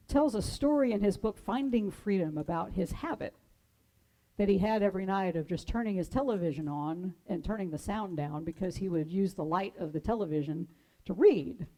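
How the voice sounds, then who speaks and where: A woman minister giving a sermon, telling stories in a gentle, measured way and dramatizing the quotes. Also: mid-range voice, lively intonation, low-quality recording. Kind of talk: sermon storytelling.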